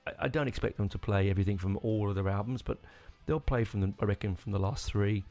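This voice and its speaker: A man talks on his own as a podcast host, rambling with plenty of restarts and real enthusiasm. His voice sits low and gravelly. Soft music plays faintly behind him. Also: fast talker. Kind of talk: casual solo rambling.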